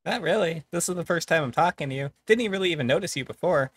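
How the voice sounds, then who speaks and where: A man's voice: fairly high pitch, lively intonation, fast, breathy edge, no room sound. A man voicing a cheerful, childlike female warlock adventurer who talks in a breezy, offhand way.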